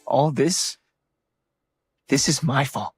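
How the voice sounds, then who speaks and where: A guilt-ridden young superhero, tense and anguished. The voice comes through husky and breathy, as if played from the series. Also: male voice, medium pitch, slow pace.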